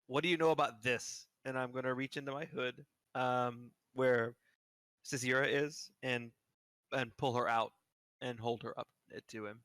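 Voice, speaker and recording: Male player, bright and teasing, dry close recording. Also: mid-range voice, steady tone, normal speed, no room sound. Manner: joking, laughs often, hesitant fillers. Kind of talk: casual tabletop play.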